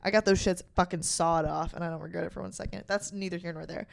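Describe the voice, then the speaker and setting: A young woman in her twenties hosts a casual podcast conversation. She tells stories with animation and swears freely. Her quoted lines burst out loud and big. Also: fairly low pitch, fairly even intonation, quick pace, gravelly. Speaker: podcast host. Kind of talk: casual chat.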